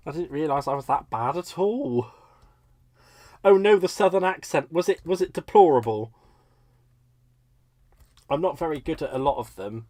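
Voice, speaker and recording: A man's voice: fairly high pitch, lively intonation, normal speed, long pauses, mellow, dry recording. A man from Britain hosting a live crafting stream, chatting casually and laughing at his own mistakes as he works. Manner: chatty, self-deprecating, laughs often. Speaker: crafting livestream host.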